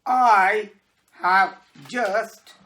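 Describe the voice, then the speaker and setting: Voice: mid-range voice, extremely slow, pushed and bright. A teacher voicing a friendly male vegetable vendor who proudly shows off something new.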